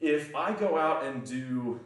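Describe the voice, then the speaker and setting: A man's voice: medium pitch, expressive, slow pace. A man chatting casually on a livestream, rambling and profane, often breaking into laughter. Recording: echoey room, voice far from mic.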